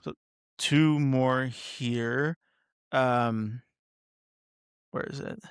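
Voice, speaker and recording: A man's voice: medium pitch, steady tone, drawn-out words, smooth, no echo, studio quality. A man hosting a casual podcast, asking questions in a laid-back, hesitant way. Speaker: podcast host.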